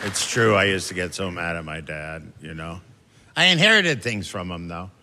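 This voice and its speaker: A stand-up comedian on a large theater stage tells wry, deadpan family stories in a low voice at normal speed, breaking into lively impressions of his relatives. A loud, laughing crowd is clearly audible, and the hall gives a long reverb.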